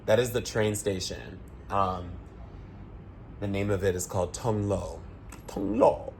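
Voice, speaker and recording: A young man talking casually to his viewers at night indoors, relaxed and reflective, rambling with fillers. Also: low-pitched, unhurried, a little hiss or hum. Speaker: vlogger. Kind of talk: casual late-night vlog talk.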